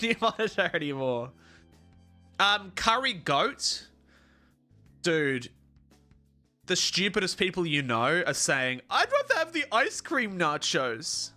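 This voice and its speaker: A young livestreamer chats casually on a live stream, swearing freely, ranting, and drifting into mock-heroic storytelling. His voice sits a little high, with a bright, forceful tone.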